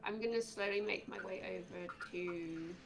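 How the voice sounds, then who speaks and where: A woman's voice: mid-range voice, moderate pace, creaky, noisy background. A woman playing a tabletop game, describing her character's moves hesitantly with many fillers. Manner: hesitant, lots of "like" and "literally". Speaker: player. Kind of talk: casual tabletop play.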